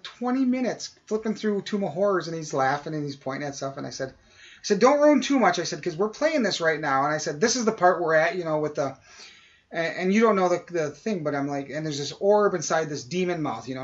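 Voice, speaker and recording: A man's voice: a little high, quick pace. A man on a podcast telling a long casual story, acting out what people said. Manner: animated anecdote-telling, acts out quoted voices. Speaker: podcast co-host. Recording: dull lo-fi audio.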